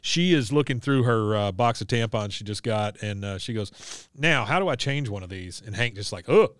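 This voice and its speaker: A man co-hosting a casual podcast, retelling a cartoon episode scene by scene in a relaxed, chuckling way. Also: lowish voice, moderate pace, smooth, no room sound, studio quality. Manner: laid-back storytelling, quoting characters, chuckling often. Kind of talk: casual chat.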